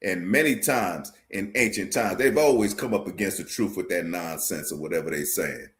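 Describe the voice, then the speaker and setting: A man preaching to his online viewers, forcefully repeating phrases, quoting scripture and checking "you understand?". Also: low-pitched, normal speed. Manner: addresses viewers directly, asks "you understand?". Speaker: street preacher teaching a class. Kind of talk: livestream sermon.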